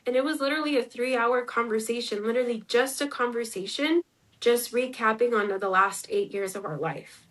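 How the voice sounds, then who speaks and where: A slightly high, fairly quick voice with a fairly bright tone comes through a rough recording. The speaker, a woman in her twenties and an interview guest, tells a personal story conversationally, voicing quoted dialogue and scattering "like" throughout.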